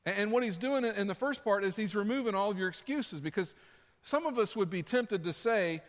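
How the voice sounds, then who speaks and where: A man's voice: sits high, expressive, fairly quick. A man preaching a sermon in a conversational way, repeating his key points for emphasis. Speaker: pastor. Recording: long hall reverb.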